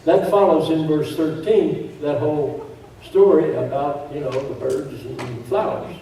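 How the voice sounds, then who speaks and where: Male preacher, sermon, mellow voice, distant mic, booming church echo. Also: slow, long pauses, slight background noise. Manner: emphatic, repeats key phrases, joking asides. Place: church sanctuary.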